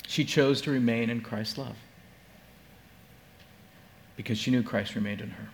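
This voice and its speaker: A male pastor giving a sermon, telling a story earnestly with halting restarts and leading a closing prayer. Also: mid-range voice, fairly even intonation.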